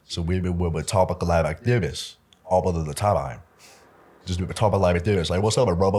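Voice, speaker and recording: A young man from Omaha chatting as a podcast guest, laid-back, laughing often and calling the host "bro". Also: low-pitched. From Omaha, United States. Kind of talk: casual interview chat.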